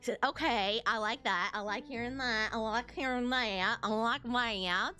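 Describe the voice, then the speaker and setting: A young adult woman streaming a video game, chatting excitedly to her viewers, often repeating herself and singing silly snippets. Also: a little high, a little slow, soft background music. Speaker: VTuber streamer. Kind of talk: casual gaming stream chat.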